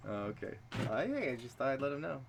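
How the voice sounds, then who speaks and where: A man's voice: medium pitch, quick pace, gravelly, crowd noise. Laid-back man streaming. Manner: laid-back, laughing, with filler-heavy trailing speech. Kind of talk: casual stream chat.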